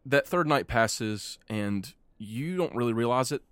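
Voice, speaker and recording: A man narrating a tabletop game podcast as game master, relaxed and rambling. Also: medium pitch, unhurried, smooth, no room sound. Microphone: podcast mic.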